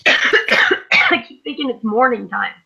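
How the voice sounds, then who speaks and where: A woman's voice: a little high, lively intonation, slow pace, gravelly, pushed and bright, breathy edge, lo-fi sound. A woman on an online group voice call, joking around and swearing casually, laughing often.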